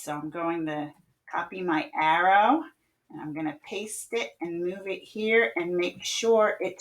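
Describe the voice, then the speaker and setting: A woman's voice: lowish voice, unhurried. A woman music teacher giving an online classroom lesson, patiently explaining note values and chanting rhythm syllables for her students to echo. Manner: sings out rhythms, playful game calls.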